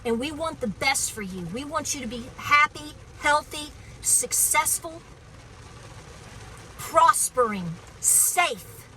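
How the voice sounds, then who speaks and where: A woman's voice: sits high, expressive, slow, pushed and bright, a little hiss or hum, poor audio. A woman homesteading vlogger speaking outdoors on her farm in an impassioned, preachy, emphatic way. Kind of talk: outdoor political vlog rant.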